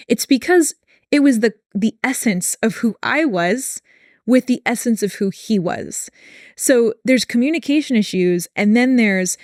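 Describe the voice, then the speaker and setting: An earnest young woman recounts a personal story on a podcast, speaking openly and with feeling. Her voice sits at an ordinary middle pitch for a woman. The recording is dry and close, with no room echo. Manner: earnest, emotionally open, animated retelling. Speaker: podcast co-host.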